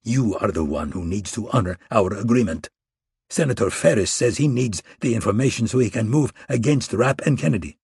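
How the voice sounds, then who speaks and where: A man's voice: lowish voice, lively intonation, a little fast, vocal fry, husky, no echo, studio quality, exaggerated voice. A man narrating an audiobook, voicing a volatile, menacing middle-aged male intelligence general who threatens and hisses. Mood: alarmed. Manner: threatening, shouting and hissing.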